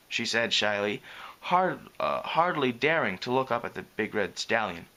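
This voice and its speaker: A man reading a story aloud with a lively, wide-ranging pitch and a bright, clear tone. He reads steadily and fixes small slips as he goes. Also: normal speed. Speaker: reader. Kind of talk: reading fan fiction aloud.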